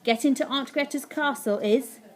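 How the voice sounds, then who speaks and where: A friendly shapeshifting slime sea monster, read by a woman, calm and unhurried. Its voice sits lower than the narration around it. It speaks slowly in a mild storybook way. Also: natural voice. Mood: droll. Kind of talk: storybook reading.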